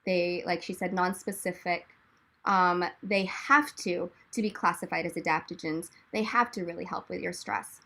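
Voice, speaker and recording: Bright, animated woman panelist. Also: lowish voice, moderate pace, vocal fry. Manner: animated, rambling, jokey asides. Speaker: panelist, drink company founder. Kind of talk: casual explanatory chat.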